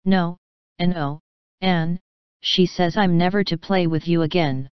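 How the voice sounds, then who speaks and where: A woman's voice: on the low side, steady tone, a little slow, smooth, dry recording, muffled recording, lightly acted. A woman reading the part of a loyal, earnest little girl in an audiobook. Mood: tearful.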